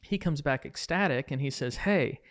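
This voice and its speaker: Animated male podcast storyteller, dry sound. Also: mid-range voice, normal speed, no echo. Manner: animated storyteller acting out quoted dialogue. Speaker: podcast host and real estate coach.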